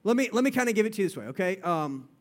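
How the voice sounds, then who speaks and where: A man's voice: high voice, big pitch swings, rapid-fire. A young man, a youth pastor, giving a playful, chatty sermon to a live audience, often calling out "guys" and repeating himself.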